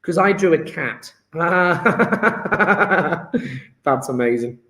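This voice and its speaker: A man with a high, expressive voice, speaking a little slowly, teaches a live online chemistry lesson. He's chatty and encouraging with students, often checking in with "yeah?", and the room sounds echoey.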